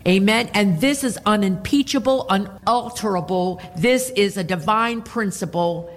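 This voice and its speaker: A woman pastor preaching a sermon, expressive and punctuated with frequent amens. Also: mid-range voice, unhurried, in a large hall.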